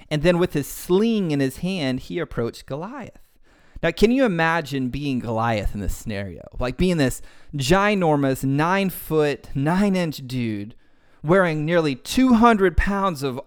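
A man's voice: fairly high pitch, clear, resonant tone. Slangy, laid-back male podcast host. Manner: slangy, uses "like" and "dude" a lot. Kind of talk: casual retelling of a Bible story.

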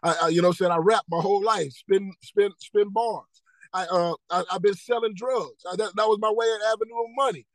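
High-voiced man telling his testimony. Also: brisk, no echo, poor audio. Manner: earnest storytelling, repeats key phrases, acts out dialogue. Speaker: podcast guest, motivational speaker. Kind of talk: personal testimony in casual interview.

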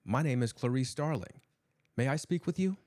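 A man's voice: mid-range voice, lively intonation, moderate pace, darkish tone, dry recording, studio quality, close to an everyday voice. A man voicing a nervous young female FBI trainee who speaks politely and earnestly. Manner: polite, earnest, steadying her nerves.

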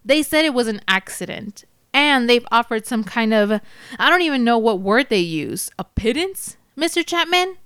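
A woman voicing a grieving widow who speaks slowly, coldly and cuttingly, pitched above her narrating voice. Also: sing-song, a bit bright, clear, resonant tone, dry recording, clean studio sound. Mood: bitter. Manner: slow, cold and cutting. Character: grieving, bitter widow, cold and angry.

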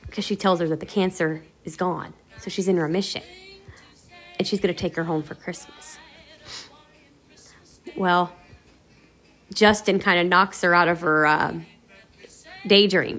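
A woman's voice: lowish voice, measured pace, pauses often, a bit bright, soft background music. A woman podcast host casually retelling a radio episode in a rambling, conversational way. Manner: rambling, conversational, many "you know" fillers.

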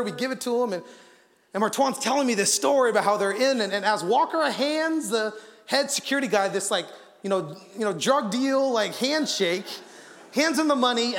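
Man, high voice, sermon, animated storytelling, filler words, long hall reverb. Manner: animated storyteller, acts out quotes, frequent fillers. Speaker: guest preacher. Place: church auditorium.

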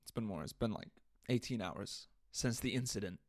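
Using a studio mic and audio interface, a young male podcast host rants in a loose, funny monologue, dropping swear words and laughing at himself. His voice sits on the low side at a normal speed.

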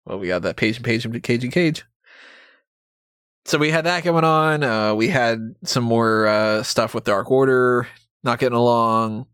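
Mid-pitched male co-host, wry and giggly, dry studio sound. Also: unhurried, fairly bright tone, clear, resonant tone, no room sound. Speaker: podcast co-host. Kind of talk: casual wrestling chat.

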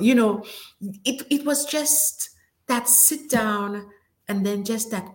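Reflective woman host, soft at times. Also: on the high side, slow pace. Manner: reflective, affirming, drops into near whispers. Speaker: talk show host. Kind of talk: casual chat.

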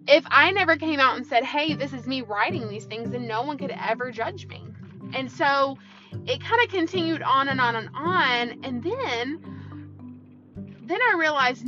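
A woman's voice: high voice, animated, normal speed. A woman hosting a podcast, talking in an earnest, encouraging way and often asking "right?" and "you know". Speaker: podcast host. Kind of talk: motivational podcast monologue. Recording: dull lo-fi sound with music behind.

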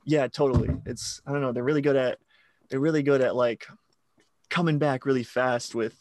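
Man, podcast guest, relaxed agreeable chat, dry close sound. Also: mid-range voice, moderate pace, no echo. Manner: easygoing, agreeable, short replies.

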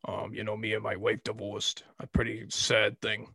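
A man doing an impression of a boastful, trash-talking college football coach, with a deep gravelly drawl. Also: monotone, moderate pace, pushed and bright, dry recording, full character voice. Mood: cocky trash talk.

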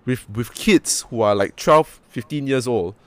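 A man's voice: medium pitch, measured pace, no room sound. Blunt, swearing Malaysian-English man. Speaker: podcast host. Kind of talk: casual chat.

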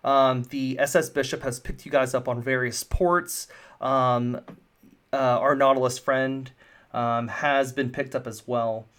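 A man's voice: medium pitch, fairly even intonation, a little slow, a bit bright, clear, resonant tone. A man narrating a tabletop game as game master, casual and full of fillers. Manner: casual, rambling with many fillers.

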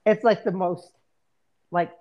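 A middle-aged man in an easygoing podcast chat. He tells laughing anecdotes in a relaxed, casual way. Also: sits high, slow, lo-fi sound. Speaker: podcast co-host.

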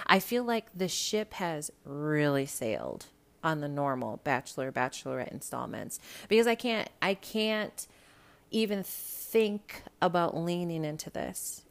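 Profane low-voiced woman podcaster. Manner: blunt, profane, animated and rambling. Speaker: podcast host. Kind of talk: casual solo podcast chat.

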